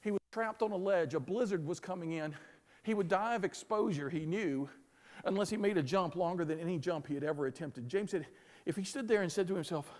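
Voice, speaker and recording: A man with a Southern American accent telling a lively story to an audience, acting out the dialogue as he goes. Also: sits high, a little fast, long reverb tail. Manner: animated, plays out dialogue in the story. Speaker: speaker. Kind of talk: storytelling keynote talk.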